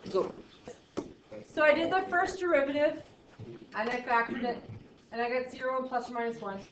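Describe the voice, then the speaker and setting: A high-pitched woman speaking at normal speed lectures on math, keeping it chatty and self-deprecating while she quizzes students. The lo-fi audio is roomy and dull with faint noise.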